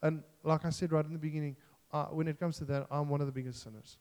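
A man's voice: fairly high pitch, fairly even intonation, fast talker, darkish tone, in a large hall. A man preaching a sermon in an earnest, self-deprecating way, joking and restarting as he talks.

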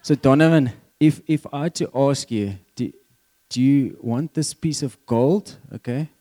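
A man's voice: medium pitch, unhurried, mellow. A man with a South African accent preaching a conversational sermon, quizzing the congregation as he goes.

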